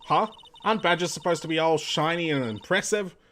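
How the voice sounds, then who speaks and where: A man voicing a brash, loud southern woman photographer with an overdone put-on drawl, sassy and pushy. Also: on the high side, fairly quick. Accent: put-on American Southern drawl. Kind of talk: reading game dialogue aloud.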